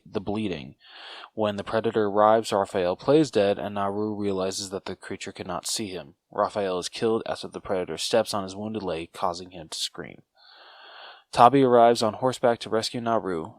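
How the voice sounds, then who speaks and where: A man co-hosting a podcast, reading a plot summary aloud in a steady way with a few stumbles and restarts. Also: on the low side, no room sound. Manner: steady read-through with occasional stumbles. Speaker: podcast co-host.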